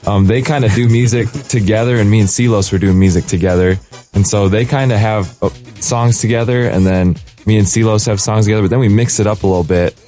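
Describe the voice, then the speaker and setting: A man, a hip hop artist and producer, telling stories as a radio guest in a relaxed, eager way. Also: on the low side, fairly quick, soft background music. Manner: relaxed, eager storytelling with lots of "like". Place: radio studio.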